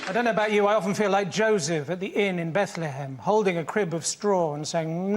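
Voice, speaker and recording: A man's voice: high voice, a little fast, hardly any pauses, heavy background noise. A man delivering dry stand-up one-liners. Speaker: stand-up comedian.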